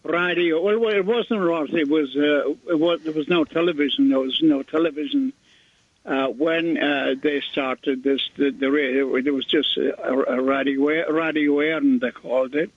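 An older man hosting a radio show, telling a rambling story in halting casual chat. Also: fairly high pitch, fairly even intonation, husky, no room sound. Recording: tinny phone-line radio audio.

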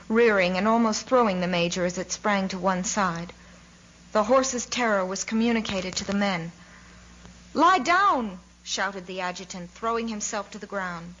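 A woman narrates a war novel in a measured audiobook reading, her pitch at an ordinary middle height. The recording sounds a little dull, with a faint hiss underneath. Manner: measured, voicing characters' cries with raised pitch.

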